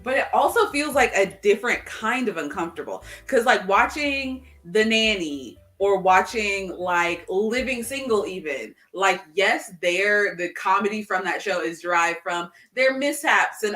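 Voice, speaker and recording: Podcast co-host, woman, bright and tense tone, rambling storyteller full of "like", mid-pitch. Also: expressive, unhurried, soft background music. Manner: rambling, heavy use of "like", acts out quotes while retelling. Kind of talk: casual chat.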